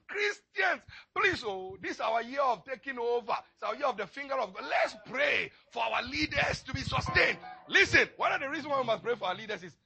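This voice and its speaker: Male pastor, sermon, impassioned. High, gravelly, animated delivery. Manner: impassioned preaching, swinging from low murmurs to crying shouts.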